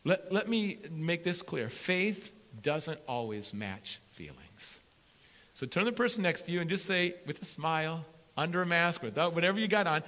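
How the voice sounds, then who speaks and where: A man preaching a sermon as a pastor, energetic and playful, repeating punch words for emphasis. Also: a little high, big-room sound. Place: church sanctuary with congregation.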